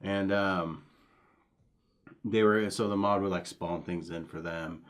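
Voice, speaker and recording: A man co-hosting a casual gaming talk show, swearing freely and telling animated stories. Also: low voice, slow. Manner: profane, animated storytelling. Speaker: podcast co-host.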